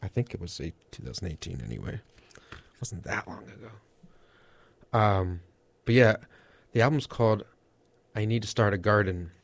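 Low-voiced rambling radio host, a man. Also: animated, moderate pace, gravelly, pauses often. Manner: rambling, self-deprecating, full of fillers. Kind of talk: casual radio chat.

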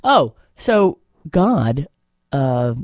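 Woman radio host, meandering musing talk with lots of fillers, animated pitch, dry close studio mic. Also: drawn-out words, no room sound. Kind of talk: rambling solo radio monologue.

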